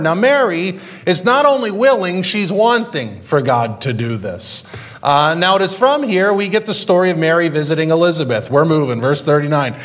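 A man's voice: a little high, animated, normal speed, fairly bright tone. A male pastor preaching a sermon in a conversational way, with frequent fillers and restarts.

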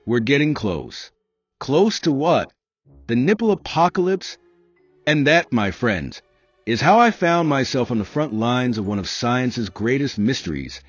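A man's voice: mid-range voice, dry recording, dull audio. A man telling a comic story in a scripted monologue, wry and self-mocking. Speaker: comedic storyteller.

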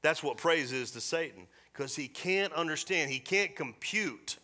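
Animated preacher, bright voice. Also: male voice, fairly high pitch, unhurried. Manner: animated preaching with joking asides. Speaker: pastor. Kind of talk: sermon. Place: church service.

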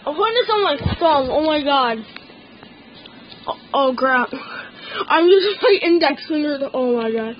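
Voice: high-pitched, expressive, measured pace, pauses often, lo-fi sound, slight background noise. A teenage gaming channel host giving casual gameplay commentary, stammering and complaining that something hurts.

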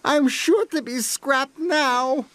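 A man voicing a small, anxious young male tank engine who pleads in a squeaky, breathless way. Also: slow, fairly bright tone, a little hiss or hum, full character voice. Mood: frightened.

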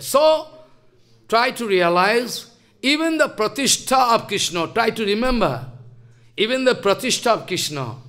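Emphatic man preaching in a high voice. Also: a bit bright. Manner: emphatic, scolding, fires rhetorical questions. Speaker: spiritual teacher. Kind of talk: sermon.

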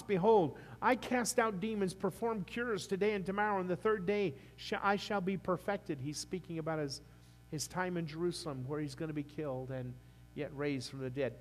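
A man preaching a sermon as pastor, rising to fervent peaks and dropping to a quiet appeal. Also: on the high side, normal speed, faint music behind. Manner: impassioned preaching that rises and falls, then softens into a quiet altar call. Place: church sanctuary.

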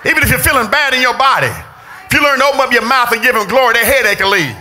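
Pastor guy preaching hard, real high piercing bright voice, keeps breaking into shouts. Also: rapid-fire, a faint crowd. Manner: fervent preaching, often shouting with emphasis. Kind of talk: sermon. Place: church sanctuary.

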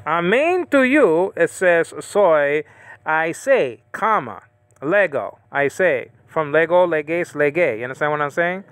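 A man teaching the Bible in a casual, rambling monologue, often correcting himself and slowly reading out Greek words. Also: a little high, expressive, a bit bright, clean tone, no echo.

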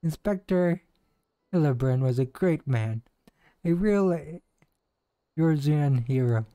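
A man's voice: a little high, expressive, slow pace, warm tone, no echo. A man voicing an earnest, theatrical young woman detective's sidekick, reading game cutscene dialogue aloud with some stumbles.

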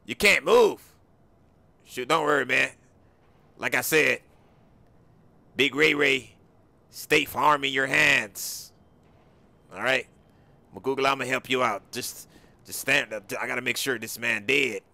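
A man bantering loudly in street slang as he role-plays a boastful character during a video game. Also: mid-range voice, slow pace, vocal fry, long pauses, no room sound. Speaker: gamer in role-play.

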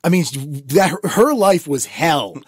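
A man co-hosting a casual podcast, telling rambling, animated stories with lots of restarts. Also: fairly high pitch, slow, breathy edge. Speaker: podcast co-host. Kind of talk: casual chat.

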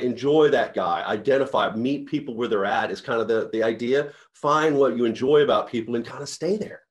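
A man, a company CEO, giving a motivational talk to sales reps in an earnest, rambling storytelling way with many restarts. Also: medium pitch.

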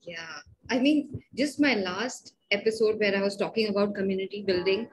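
A woman's voice: mid-range voice, normal speed, slight background noise, low-quality recording. A woman hosting a podcast, talking in a thoughtful, hesitant way with frequent restarts. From India. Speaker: podcast host. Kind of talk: conversational interview.

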